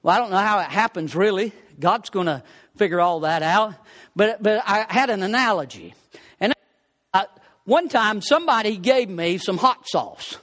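A man preaching a sermon, swinging between rising exclamations and low, quiet asides. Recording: long hall reverb.

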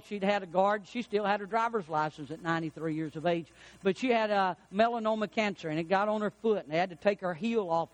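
In this sermon, a high-voiced, middle-aged pastor shares folksy, homely stories at an easy pace, rising to emphatic peaks to press his points. The recording is rough.

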